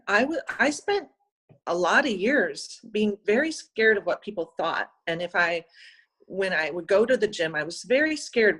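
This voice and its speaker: A woman's voice: mid-range voice, fairly bright tone, breathy edge. A woman guest in an interview, speaking from the heart with many fillers and close to tears. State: close to crying. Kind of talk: emotional personal interview.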